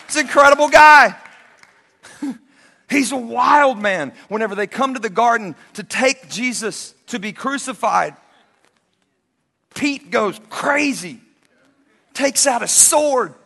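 A man preaching a sermon as a pastor, telling stories in a lively way and acting out the characters. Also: very high-pitched, gravelly. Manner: animated storytelling preacher who acts out the characters. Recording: reverberant hall.

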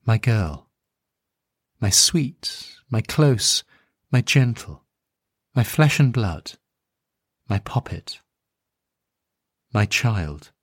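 A man reading a first-person story aloud, tender and reflective. He takes his time, his voice moving widely in pitch, recorded close and dry with no room sound. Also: very animated, extremely slow, pauses often, breathy edge, no room sound. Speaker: narrator. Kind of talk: first-person audiobook narration.

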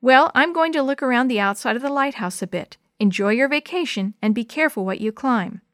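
A woman voicing a kind young man who gently scolds a boy in a storybook. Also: sits high, lively intonation, a little fast, no echo, studio quality. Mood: gentle.

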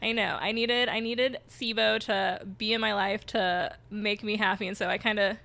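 A woman's voice: medium pitch, fairly even intonation, normal speed, gravelly, bright, forceful tone. A young adult woman, a guest on a podcast, telling personal stories openly with light self-deprecating laughs. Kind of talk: casual podcast interview.

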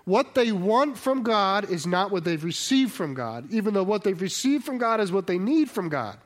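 A man with a high, very animated voice preaches a conversational sermon at normal speed. He keeps throwing rhetorical questions at his listeners, restarting and correcting himself mid-sentence.

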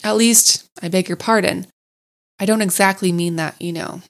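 A woman voicing a lively, gossipy male otter with a bouncy, loud way of talking. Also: on the low side, normal speed, natural voice.

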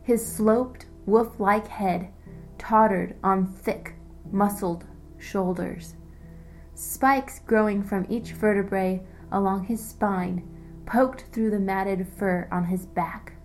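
A woman narrating a fantasy audiobook in a measured, descriptive way. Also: medium pitch, steady tone, a little mellow, soft background music, poor audio. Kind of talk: scripted story narration.

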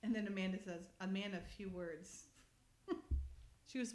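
A woman's voice: medium pitch, moderate pace, long pauses, a little mellow. A woman hosting a casual chat, recapping a TV episode and reading script lines aloud with frequent giggles. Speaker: podcast host.

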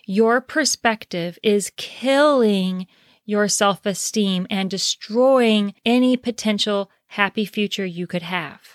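Earnest woman coach, slow emphatic talk. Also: mid-range voice, dry recording, studio quality. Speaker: confidence coach. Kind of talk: motivational talk to camera.

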